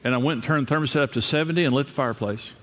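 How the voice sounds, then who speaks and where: A man's voice: mid-range voice, racing, big-room sound, heavy background noise. An older man as pastor, giving a sermon on marriage with humorous storytelling, his voice jumping up when he mimics others. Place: large room with a live audience.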